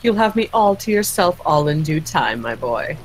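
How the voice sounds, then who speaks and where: A woman's voice: low voice, sing-song, normal speed, poor audio. Woman doing a flirty demon lady, teasing, super sure of herself. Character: seductive female demon, teasing and confident.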